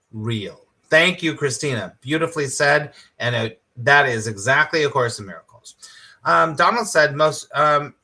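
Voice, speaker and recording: A man's voice: fairly high pitch, sharp tone. A middle-aged man, a spiritual teacher, teaching on a live stream with enthusiasm, repeating his points and quizzing viewers by name.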